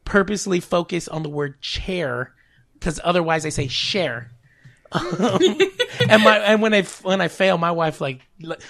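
A man's voice: high-pitched, measured pace, creaky, fairly bright tone. A young man from California co-hosting a casual podcast, telling stories animatedly, acting out quotes and laughing often. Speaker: podcast co-host. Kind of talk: casual chat.

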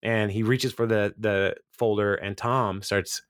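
A man's voice: lowish voice, steady tone, a little slow, fairly bright tone, dry recording, clean studio sound. A man hosting a podcast, casually recapping episodes, rambling and often laughing as he quotes characters. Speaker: podcast host.

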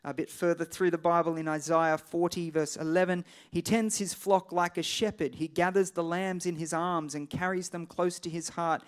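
A man's voice: fairly high pitch, flat delivery, normal speed, few pauses, clean tone. Casual, conversational male preacher. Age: adult parent. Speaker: pastor. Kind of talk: sermon.

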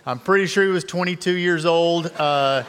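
A man's voice: on the high side, moderate pace, fairly bright tone, long reverb tail, slight background noise. A middle-aged man telling a personal story in a conversational, self-deprecating way as a guest speaker in a church sermon. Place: church sanctuary.

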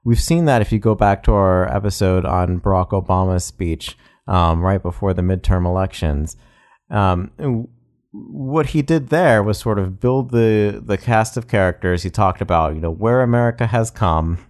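A man's voice: deep voice, normal speed, a little mellow. A man co-hosting a podcast, casually explaining how a politician tells a story. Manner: explanatory, with fillers. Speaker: podcast co-host. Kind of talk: casual analytical chat.

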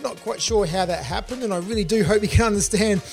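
A man's voice: high-pitched, fast, creaky, faint music behind. Upbeat Australian man hosting a podcast. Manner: upbeat, encouraging, asks listeners questions. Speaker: podcast host. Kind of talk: solo self-help podcast.

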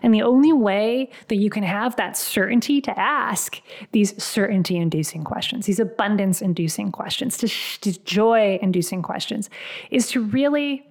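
A woman's voice: a little high, vocal fry. A woman career coach delivering a motivational podcast monologue, emphatic and fond of repeating phrases for punch.

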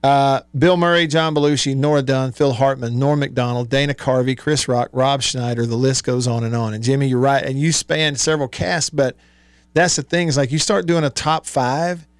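A man's voice: mid-range voice, fairly even intonation, moderate pace, clear, resonant tone, no echo. A man hosting a radio talk show, chatting loosely, laughing often and reading sponsor plugs. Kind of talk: casual sports-talk radio chat. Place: radio studio.

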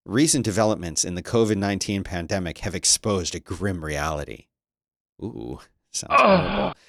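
A man giving casual commentary as a streamer, reading news aloud with sarcastic, animated remarks and frequent laughter. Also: sits low, moderate pace, gravelly, dry recording, studio quality.

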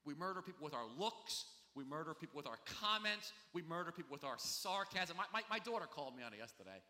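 Bright-voiced male pastor preaching. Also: on the high side, very animated, fast talker, in a large hall. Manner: conversational and confessional, many asides. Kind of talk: sermon.

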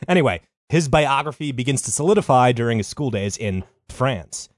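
A man's voice: medium pitch, expressive, a little fast, no room sound, studio quality. Crude joking podcast host, man. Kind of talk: comedic podcast storytelling.

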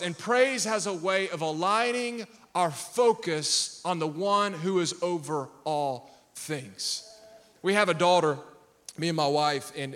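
High-voiced energetic man preaching. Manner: energetic preaching with crowd call-outs and humor. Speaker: pastor. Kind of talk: sermon.

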